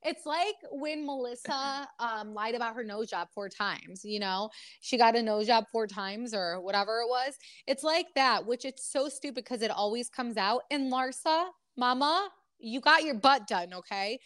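A woman's voice: a little high, normal speed, few pauses, a bit bright, no room sound, studio quality. A woman co-hosting a podcast, chatting casually about reality TV gossip in an emphatic, blunt way. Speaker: podcast co-host.

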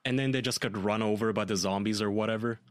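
Lower-voiced ranting man, dry sound. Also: steady tone, fast talker, smooth, no echo. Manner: ranting, profane, exasperated. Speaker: podcast co-host. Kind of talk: casual chat.

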